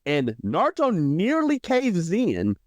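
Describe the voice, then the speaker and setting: A man co-hosting a podcast, recapping an anime storyline in a casual, animated way and acting out the characters' lines. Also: takes it slowly, no room sound. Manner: animated, acts out character quotes with shifting pitch. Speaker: podcast co-host.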